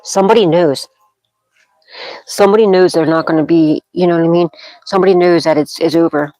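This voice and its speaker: A woman's voice: fairly low pitch, steady tone, brisk, dark tone, dry recording, poor audio. Rambling woman reading tarot, dry sound. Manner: rambling, frequent "okay?" check-ins; intuitive, dramatic pronouncements. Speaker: tarot reader.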